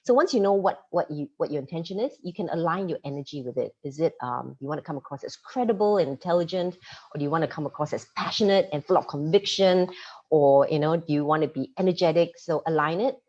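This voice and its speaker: A woman coaching presenters over a video call, talking fast with a lively, easy laugh. Her voice sits low and a little husky. The sound is dull and lo-fi, like a laptop microphone. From Singapore. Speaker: media coach giving a masterclass. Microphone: computer mic on a video call.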